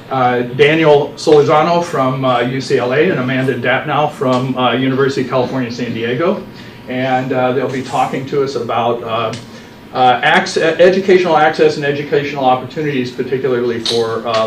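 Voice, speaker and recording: Male moderator, halting delivery full of uhs, distant echoey room sound with clear hiss. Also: mid-range voice. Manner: hesitant, many uh fillers. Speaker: seminar moderator. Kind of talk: introducing a seminar. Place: seminar room. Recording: echoey room, distant mic, steady noise.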